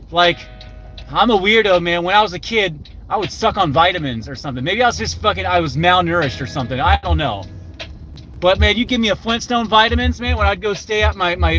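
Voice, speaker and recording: High, bright-voiced older man, cursing freely. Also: animated, brisk, faint music behind, rough recording. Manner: rambling, profane, chats with viewers by name. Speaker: live streamer. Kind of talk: casual live-stream chat.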